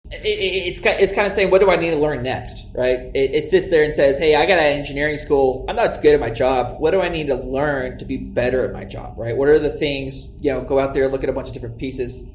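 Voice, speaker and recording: A man's voice: mid-range voice, a little fast, few pauses. A man, a tech company co-founder, explaining his business in an interview and often restarting his sentences. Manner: stammers on starts, talks through explanations. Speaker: tech startup co-founder and CEO. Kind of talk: conversational interview. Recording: echoey room with faint noise.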